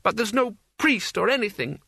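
An imperious young would-be queen, put on by a male narrator, cold and haughty with a snappish edge. The voice sits raised and bright, crisp and close with no room around it. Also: high voice, big pitch swings, moderate pace, no room sound, voice pushed up, exaggerated voice. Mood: tearful, sulky.

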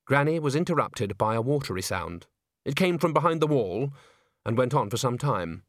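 A man narrating a story aloud in an expressive, scripted reading. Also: mid-range voice, moderate pace, dry recording, studio quality. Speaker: audiobook narrator.

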